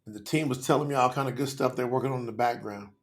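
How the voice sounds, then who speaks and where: Speaking rapid-fire at a medium pitch, a man runs a live online telethon. His talk is casual livestream chatter aimed right at his audience, passionate and peppered with slang.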